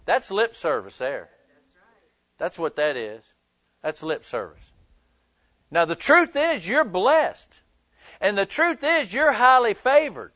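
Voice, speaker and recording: A man's voice: high voice, sing-song, slow, pauses often, bright, forceful tone, dry recording. A male pastor preaching a sermon in a conversational, emphatic way, joking with his listeners.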